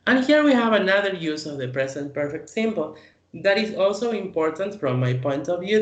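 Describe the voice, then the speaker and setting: A man's voice: high voice, a bit bright, roomy sound. A male English teacher whose first language is Spanish, patiently explaining grammar in an online class and often checking in with "okay?".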